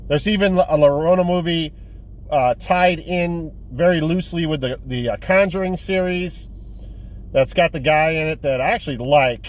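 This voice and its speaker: A young man casually rambling through a movie review, full of fillers, restarts and profanity. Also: a little high. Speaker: physical media collector vlogger.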